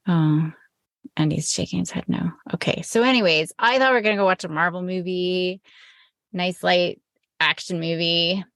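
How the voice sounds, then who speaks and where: A middle-aged woman co-hosts a family podcast in a loose, rambling way, often stopping and correcting herself mid-story. Her voice sits fairly low and carries a gravelly fry. The recording is close and dry. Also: no room sound. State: recovering from illness. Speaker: podcast co-host. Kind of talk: casual chat.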